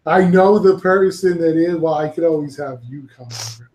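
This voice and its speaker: A man's voice: on the high side, normal speed, darkish tone, reverberant, slight background noise, low-quality recording. Rambling, cursing male podcast host. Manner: rambling and profane, laughing easily. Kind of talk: casual panel chat.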